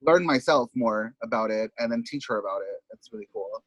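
A man's voice: lowish voice, fairly quick, slightly rough, no echo, muffled recording. A man who is a drag performer, the podcast's guest, telling his story candidly in casual talk that is full of swearing. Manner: casual, swears freely, acts out quotes of others.

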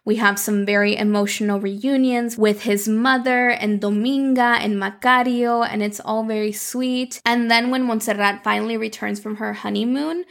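A woman hosting a podcast, recapping a story in a chatty, expressive way and slipping in Spanish words. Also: a little high, moderate pace, gravelly, few pauses. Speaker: podcast host.

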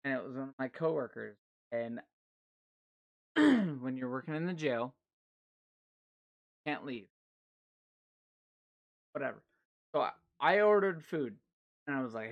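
A man's voice: medium pitch, a little slow, creaky, long pauses, lo-fi sound. A man hosting a casual podcast, telling stories with lots of swearing and acted-out quotes. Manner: animated, heavy swearing, acts out quotes. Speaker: podcast host.

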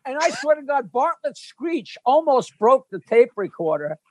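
An older male comedian tells swearing-heavy stories with lots of energy. His voice is quite high, and the sound is dry and close. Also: normal speed, no echo. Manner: animated, profane, dramatic storyteller. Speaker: guest comedian. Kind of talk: casual storytelling chat.

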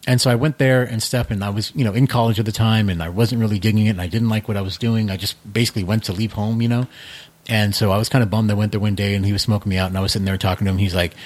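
A man in his thirties, a guest in a casual podcast chat, talking in a relaxed, rambling way with many fillers. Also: on the low side, rapid-fire. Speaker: guest, comic creator.

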